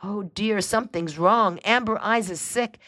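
Woman reader as a worried young heroine, gentle and soothing, in a dry close sound. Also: lowish voice, animated, unhurried, no echo, pitched above the performer's own voice. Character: young woman, anxious and tender.

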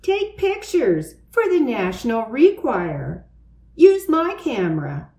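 A woman's voice: fairly high pitch, huge pitch swings, takes it slowly, darkish tone, roomy sound, voice pushed up, full character voice. A woman voicing a bossy, scheming little sister girl in a read-aloud storybook. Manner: pushy, scheming.

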